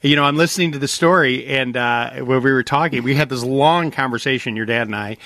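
A man's voice: mid-range voice, fairly quick, pushed and bright, dry recording. A man hosting a call-in radio show, upbeat and folksy, explaining things plainly. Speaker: radio host.

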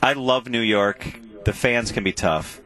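A man's voice: medium pitch, unhurried, fairly bright tone, rough recording. A man co-hosting a TV show, chatting casually in an enthusiastic, jokey way. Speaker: TV show co-host. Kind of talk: casual TV chat.

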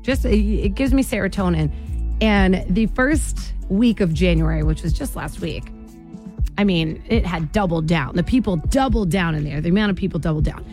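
A woman's voice: lowish voice, normal speed, a little mellow. A woman hosts a morning radio show, talking straight to her listeners. She is bubbly and laughs easily. Faint music sits under her voice. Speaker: radio host. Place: radio studio.

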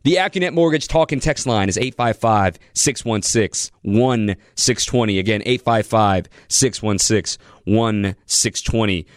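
A man's voice: fairly low pitch, a little slow, hardly any pauses, no echo. A man hosting a sports talk radio show, talking energetically and taking calls in a studio. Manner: energetic, conversational, reads out phone numbers. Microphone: studio microphone.

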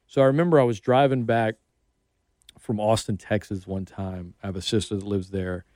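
A man's voice: lowish voice, fairly even intonation, moderate pace, warm tone, no room sound. Man, radio host, middle-aged, casual sports talk, chatty, acts out quotes, dry studio sound. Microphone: studio mic.

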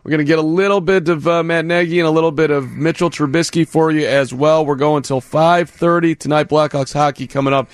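A man's voice: a little high, fairly even intonation, no room sound. Upbeat male sports radio host. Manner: brisk, upbeat, runs the segments. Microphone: studio microphone.

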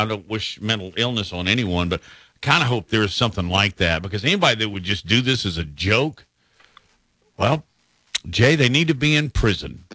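Opinionated man with a bright voice. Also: lowish voice, no echo. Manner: folksy, opinionated, laughs easily. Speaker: sports radio host. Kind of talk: casual sports talk.

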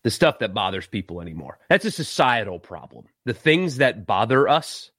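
Animated sports talk host. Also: male voice, lowish voice, normal speed, dry recording, clean studio sound. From South Carolina. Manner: animated, exasperated, laughs and sighs. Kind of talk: casual live-stream commentary.

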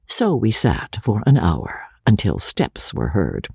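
Gravelly man reading a classic novel aloud. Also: fairly low pitch, huge pitch swings, slow pace, a little mellow, no room sound, studio quality. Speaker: reader.

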